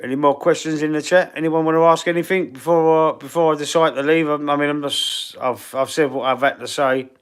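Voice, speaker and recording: A man from East London with a Cockney accent and husky, wheezy breathing, hosting a casual live-stream Q&A in a blunt, slangy way. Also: on the high side, fairly even intonation, a little fast, few pauses. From East London, England. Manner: blunt, slangy and chatty, calling viewers bro and mate. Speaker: fan channel live streamer.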